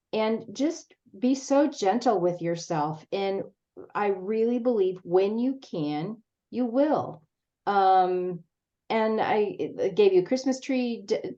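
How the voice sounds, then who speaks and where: A woman in a grief support group, speaking gently and earnestly to encourage others. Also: medium pitch, dull audio. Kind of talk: faith-based grief support group chat.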